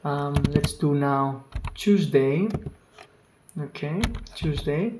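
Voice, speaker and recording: A language teacher giving an online lesson, speaking slowly and patiently, repeating each word several times and exaggerating the pronunciation on purpose. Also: mid-range voice, background noise. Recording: roomy echo with faint keyboard clicks.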